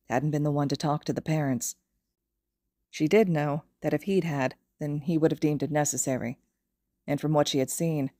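A woman narrating a fan fiction audiobook in a steady, even storytelling manner. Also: deep voice, no room sound, clean studio sound. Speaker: podfic reader.

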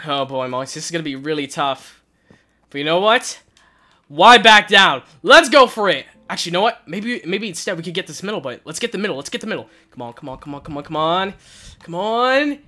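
A young man wearing a headset, giving nervous, excited gameplay commentary and crying out in panic as he plays. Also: high voice, brisk. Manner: nervous, shouts and cries out in panic. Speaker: gaming channel host. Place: hot room at home.

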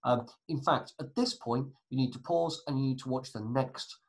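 A man's voice: mid-range voice, moderate pace, poor audio. A man teaching a recorded history lesson, chatty, with asides and self-corrections.

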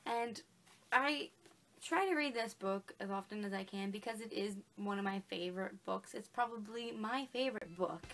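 A woman's voice: medium pitch, moderate pace, creaky, fairly bright tone. A young woman talking casually and emotionally about books as a vlogger, gushing and filling her talk with "like" and "literally". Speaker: book vlogger. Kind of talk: casual chat.

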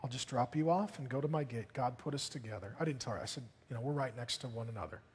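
A man preaching a sermon as a pastor, telling stories in a lively, joking way with bursts of excitement. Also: medium pitch, fast, husky. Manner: animated, jokey storytelling with bursts of excitement. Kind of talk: sermon storytelling. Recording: long hall reverb.

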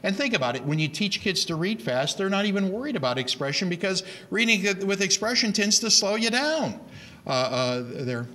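Bright-voiced man lecturing with emphasis. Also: high voice, normal speed. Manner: animated, emphatic, with many repeated starts. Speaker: reading education speaker. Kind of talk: lecture to an audience.

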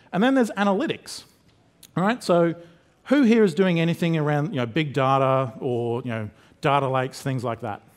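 A man from Queensland with an Australian accent, giving a conference talk and joking with the audience as he explains. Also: on the high side. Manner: jokey, addresses the audience with quick questions. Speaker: conference speaker. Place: conference hall.

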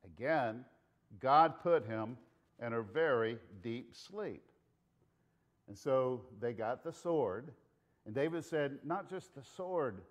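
A man with a Southern US accent preaching a sermon as pastor, telling the story with animated delivery, shouting out lines and dropping to hushed asides. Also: mid-range voice, takes it slowly, long pauses.

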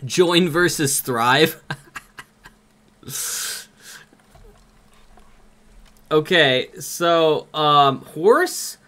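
A young man with a Minnesotan accent, commenting on a game live and reading its text aloud in an excitable, jokey way. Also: fairly high pitch, very slow, pauses often. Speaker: streamer.

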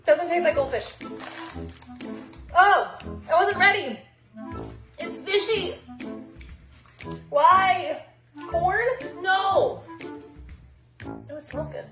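A woman's voice: very high-pitched, lively intonation, very slow, long pauses, fairly bright tone, reverberant, faint music behind. A woman casually reviewing snacks on camera, chatty and giggly, sometimes talking with her mouth full. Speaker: snack taster.

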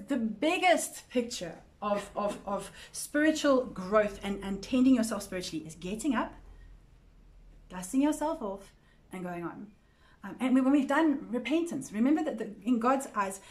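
A woman with a slightly high-pitched voice leads a Bible study for a women's group. She talks in an earnest, conversational way, repeats her words as she thinks, and keeps checking that her listeners are following. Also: darkish tone. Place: church women's group meeting.

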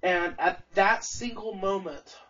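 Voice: medium pitch, slow, a bit bright, husky. Young streamer, foul-mouthed and off-mic. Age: young adult. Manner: heavy swearing, angry, restarts a lot. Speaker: live streamer. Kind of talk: casual rambling storytelling. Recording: distant, dull lo-fi stream audio.

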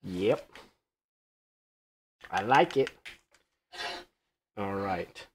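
A man's voice: on the low side, lively intonation, extremely slow, slightly rough. Easygoing man talking through a paint job. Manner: easygoing, rambling, self-joking; thinks aloud while working. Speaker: mask artist demonstrating painting. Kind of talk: live painting tutorial.

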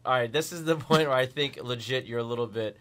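A man's voice: mid-range voice, fast, a bit bright. A man co-hosting a live radio show, dropping short dry remarks into the banter. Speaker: radio co-host. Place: campus radio studio.

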